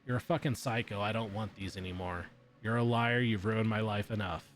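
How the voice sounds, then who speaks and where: A man voicing a distraught young female student in a visual novel, pleading and yelling in turns. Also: lowish voice, steady tone, a little fast, soft background music, natural voice. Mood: furious.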